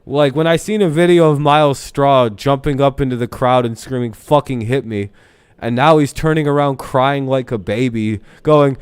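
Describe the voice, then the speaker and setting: Male streamer, smooth voice, casual profane game-watch chatter, blunt. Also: medium pitch, normal speed, few pauses, no room sound. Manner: blunt, swears freely, laughs at his own jokes. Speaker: live stream host. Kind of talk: casual profane sports watch-along chat.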